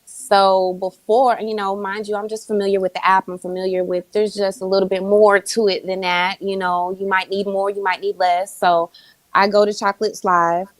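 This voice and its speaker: Steady-spoken woman guest, dry sound. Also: medium pitch, moderate pace, no echo, rough recording. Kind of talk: casual storytelling.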